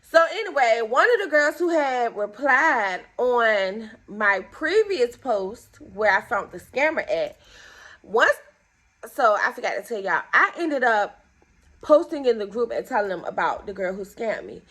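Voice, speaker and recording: Woman, young adult, casual storytelling vlog, indignant, animated, high-ish voice. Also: unhurried. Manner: animated, acts out both sides of conversations; indignant, exasperated. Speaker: vlogger telling a story time.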